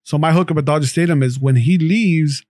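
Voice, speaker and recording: A man, guesting on a podcast, telling stories in loose, profane street slang. His voice sits a bit high for a man. It is recorded close and dry, with no room sound. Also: a little fast, a little mellow, dry recording. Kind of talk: casual podcast chat.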